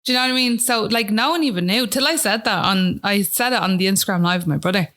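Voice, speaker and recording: A woman's voice: mid-range voice, fast, fairly bright tone. Chatty Irish woman telling her story. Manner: chatty, retells scenes with "I was like", often asks "do you know what I mean". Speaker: podcast guest. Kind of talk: personal storytelling in conversation.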